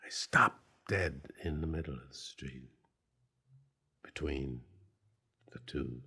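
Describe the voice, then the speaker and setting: A man telling a personal anecdote in an interview, slow and deliberate, pausing with fillers. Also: rumbling low, gravelly, pushed and bright, breathy edge. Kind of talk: storytelling anecdote.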